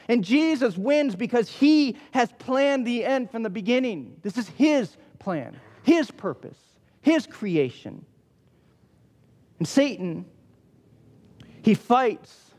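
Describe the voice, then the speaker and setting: A man's voice: high voice, a little mellow. A male pastor preaching a sermon, emphatic and repeating key phrases for weight. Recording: long hall reverb.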